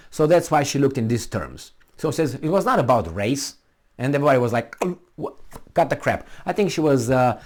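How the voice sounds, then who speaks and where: A man speaking English as a second language, giving a blunt, rambling opinion monologue with frequent restarts and swearing. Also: a little high. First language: not English. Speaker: commentator.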